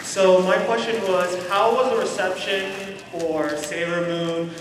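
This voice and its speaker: A man's voice: sits high, steady tone, measured pace, a loud crowd, very noisy. A man in a convention panel audience, asking a slightly fumbling question. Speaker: audience member. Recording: echoey hall mic from far off.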